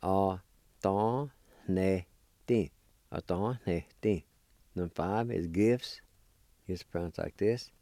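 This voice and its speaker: A language teacher with a low, dark voice gives a pronunciation lesson at a measured pace, sounding out words syllable by syllable. He is patient and encouraging, and the recording is dry.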